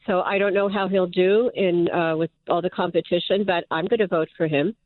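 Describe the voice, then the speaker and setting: A woman calling a radio show, speaking in a friendly, measured way. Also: lowish voice, fairly even intonation. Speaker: caller. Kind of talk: call-in opinion. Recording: phone line.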